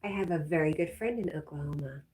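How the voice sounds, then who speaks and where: Livestream host, woman from Connecticut, lowish and warm, slightly breathy, chatty and easy. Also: quick pace. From Connecticut, USA. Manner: reads viewer comments aloud, chatty, laughs often. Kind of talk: casual livestream chat.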